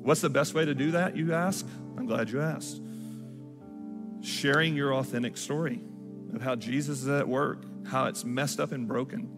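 A man's voice: mid-range voice, fairly even intonation, normal speed. A man preaching a sermon from a church stage, telling a story and acting out the people in it. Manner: storytelling, acts out quoted voices. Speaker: pastor. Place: large church hall. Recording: church hall reverb with music.

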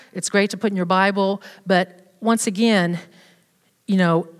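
A woman giving a personal faith testimony to a group, talking casually with many fillers and restarts. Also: lowish voice. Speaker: speaker at a church women's event. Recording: long hall reverb.

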